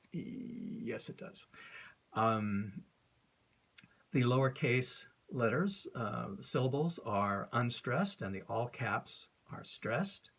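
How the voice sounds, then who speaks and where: Male author as teacher, husky voice, unhurried, casual and unscripted delivery. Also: on the low side. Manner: unscripted, many ums and uhs, recites verse slowly. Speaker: author explaining poetry. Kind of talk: informal recorded lesson.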